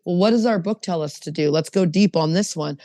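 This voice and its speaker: Co-hosting a recovery podcast, a woman with a lowish voice talks fairly quickly, animatedly relating stories and performing other people's quotes in a casual chat. The recording carries no room sound yet still has a big-room quality.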